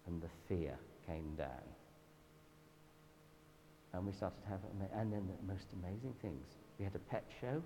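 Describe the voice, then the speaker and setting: A man with a Southern English accent giving a church talk, telling anecdotes in a lively, self-deprecating way. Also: low voice, unhurried, long pauses. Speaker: guest speaker at a church event. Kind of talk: storytelling sermon talk. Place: church hall. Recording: reverberant hall with faint background noise.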